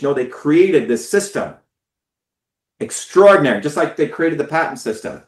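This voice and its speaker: A man's voice: fairly high pitch, expressive, moderate pace, reverberant. A man giving an impassioned, profane talk to his followers, stressing and repeating words. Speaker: political speaker.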